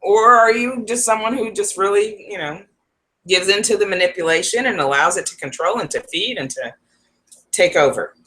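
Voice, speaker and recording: A woman's voice: mid-range voice, normal speed, fairly bright tone. A woman psychic advisor talking to her viewers in a casual, rambling vlog, laughing often.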